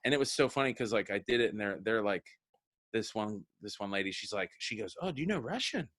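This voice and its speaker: A man's voice: lowish voice, a little fast, a bit bright. Man rambling through showbiz stories. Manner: rambling storyteller, acts out quoted voices. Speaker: comedian guest. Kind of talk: casual interview chat.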